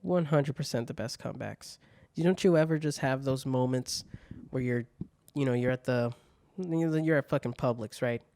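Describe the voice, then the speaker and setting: A man's voice: medium pitch, moderate pace, creaky, a little mellow, dry recording. A young man hosting a solo podcast, telling stories in a casual, profane way. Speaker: podcast host.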